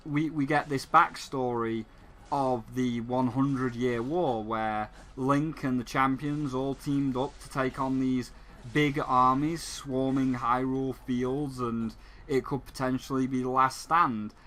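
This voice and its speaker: A man giving casual gaming commentary as a sarcastic rant, often stumbling and restarting his sentences. His voice sits at an average pitch and sounds bright and tense. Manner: ranting, sarcastic, frequent restarts. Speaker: gaming channel host.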